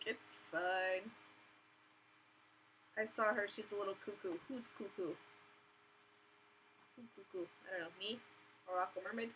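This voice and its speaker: A woman's voice: on the high side, sharp tone, a little hiss or hum, poor audio. A young woman hosting a casual live stream from her bedroom, chatty and giggly, talking through her webcam mic. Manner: chatty, giggly, acts out voices of others in quotes.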